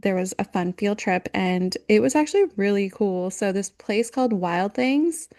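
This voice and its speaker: A woman in her thirties co-hosting a podcast, talking in a relaxed, easygoing casual chat. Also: medium pitch, moderate pace. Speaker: podcast co-host.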